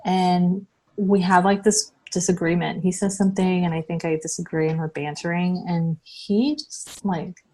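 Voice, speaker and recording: A woman from the United States telling her own story as an interview guest, halting and full of restarts. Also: on the low side, steady tone, warm tone. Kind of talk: personal recounting.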